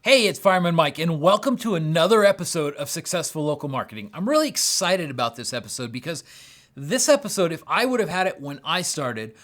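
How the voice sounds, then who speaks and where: A man's voice: a little high, a little fast. A man hosting his own business podcast, talking with energy and enthusiasm and acting out bits of dialogue. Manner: acts out quoted dialogue in animated voices. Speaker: podcast host. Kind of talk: solo business podcast talk.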